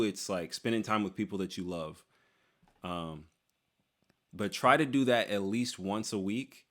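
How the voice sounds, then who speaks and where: A young man with a slightly low voice chats loosely while reading out and answering viewer questions. He jokes a lot, leans on "dude" and "like", and often restarts his sentences mid-thought. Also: slow pace, long pauses. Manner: loose and joking, lots of "dude" and "like", trails off and restarts. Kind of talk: casual Q&A chat.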